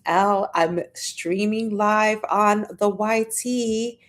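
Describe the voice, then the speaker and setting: Every so often this woman bursts into excited high squeals as she hosts a relaxed live stream, talking slowly and welcoming viewers by name.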